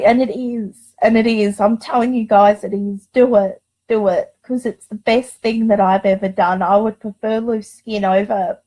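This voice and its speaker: Casting note: a woman vlogger near tears, slow, rambling, a little high-pitched. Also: a little mellow, rough recording. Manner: emotional, tearful, confiding; rambling with many restarts and fillers. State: close to tears. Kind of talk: personal storytelling vlog.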